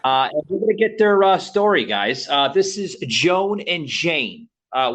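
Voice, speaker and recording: A man from Manhattan hosting a casual podcast interview, talking haltingly with many fillers and repeated words. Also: fairly high pitch, very animated, a bit bright. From Lower East Side of Manhattan, New York. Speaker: podcast host.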